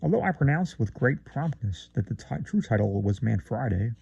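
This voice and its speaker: A man's voice: mid-range voice, big pitch swings, normal speed, creaky, mellow, husky, dry recording, highs cut off. A man reading a classic short story aloud in a theatrical way, with rising emphasis and occasional stumbles. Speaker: reader.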